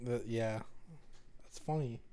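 A man's voice: mid-range voice, takes it slowly, smooth. A man co-hosting a podcast, teasing and cracking jokes with casual swearing. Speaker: podcast co-host. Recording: loud background noise.

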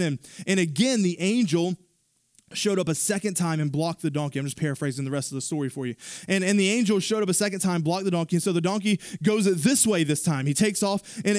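A male pastor with a fairly high voice, preaching in an animated, conversational way. He retells the story loosely and throws in asides to the church. The sound is dry and close. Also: no echo. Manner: animated storytelling preacher, paraphrasing casually with fillers. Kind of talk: sermon.

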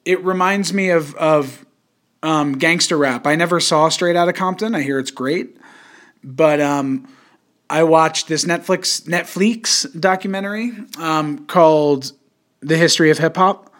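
Rambling, swearing young man, fairly high voice. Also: unhurried, fairly bright tone. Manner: rambling, profane, many fillers and restarts. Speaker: podcast host. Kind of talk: casual podcast chat.

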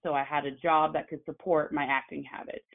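A woman, an actress and journalist, telling her story as a guest in a casual conversation, animated and full of fillers. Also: low voice, a little fast, creaky. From Oklahoma. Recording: phone-like narrow sound.

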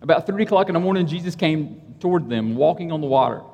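A man's voice: on the high side, lively intonation, quick pace, darkish tone. A man preaching a casual, conversational sermon, telling stories about himself with a self-deprecating humor. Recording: reverberant hall.

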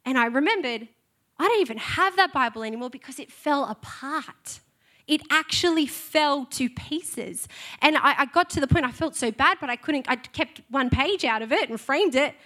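Woman pastor with a high voice and a sincere, heartfelt delivery for a church testimony. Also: expressive, normal speed, sharp tone. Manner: earnest, heartfelt. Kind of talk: testimony sermon. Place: church stage.

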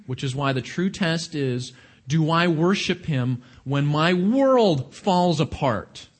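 A man's voice: a little high, lively intonation, takes it slowly. A man preaching a sermon, questioning his congregation and stressing his points. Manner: questioning the audience, emphatic.

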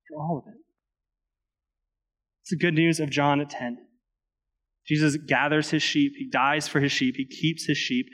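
A man's voice: medium pitch, a bit bright. A man preaching a sermon as pastor, leading communion and prayer with earnest, repetitive cadences. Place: church sanctuary. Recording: long hall reverb.

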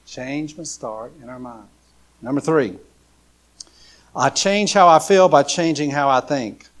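A male pastor delivering a conversational sermon. He talks loosely, repeating himself and leaning on fillers and questions to the congregation. His pitch sits in an ordinary middle range. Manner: casual, repetitive, with frequent fillers and rhetorical questions.

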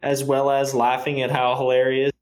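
A man co-hosting a casual podcast, talking in an unhurried way with small restarts. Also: mid-range voice, completely flat delivery, a little mellow. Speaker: podcast co-host, cosplayer.

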